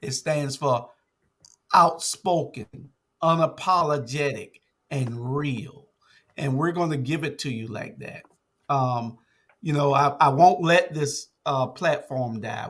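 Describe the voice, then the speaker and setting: A man's voice: a little high, unhurried. An older man who runs a media network, talking casually on a talk show with many "uh" and "um" fillers. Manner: relaxed, uses many fillers like "uh" and "um".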